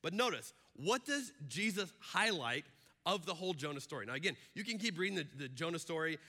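Male pastor, sermon, bright forceful voice, slightly high, animated, long reverb from a big hall. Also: a little fast. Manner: animated, acts out quoted voices.

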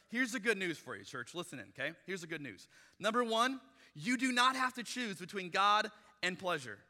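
A man preaching a sermon as pastor, in a conversational, animated way, acting out quotes from people he talks about. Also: sits high, fairly quick. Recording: reverberant church hall.

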